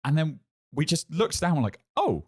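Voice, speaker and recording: A man's voice: fairly high pitch, quick pace, a little hiss or hum. A man, a podcast guest, telling a funny story in casual chat. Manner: animated, acts out shouted quotes.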